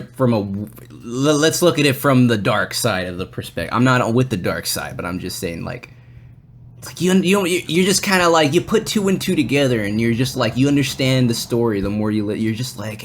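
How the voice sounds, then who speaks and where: A man hosts a casual podcast and tells a story in a loose, meandering way. His speech is full of swearing and fillers as he wanders through the tale. He often slips into quick impressions of other people's lines. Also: medium pitch. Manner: loose and rambling, swears a lot; acts out other people's lines in quoted voices. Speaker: podcast host.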